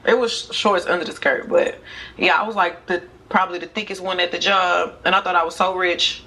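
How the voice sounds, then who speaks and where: A woman's voice: fairly low pitch, fairly even intonation, pushed and bright, poor audio. A young woman from Houston, the guest in a casual talk show interview, who laughs a lot, drawls and gushes as she talks. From Houston, Texas. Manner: gushing, laughs often, drawls slowly.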